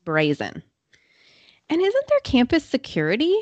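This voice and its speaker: Woman, podcast host, casual true crime storytelling, chatty asides, medium pitch, dry sound. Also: animated, no room sound, lo-fi sound. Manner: chatty, quick, uses filler words.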